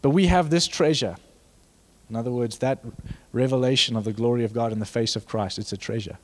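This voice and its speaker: A young pastor preaches a sermon in a brisk, mid-range voice. He's animated and jokes with the congregation, building up to fervent emphasis.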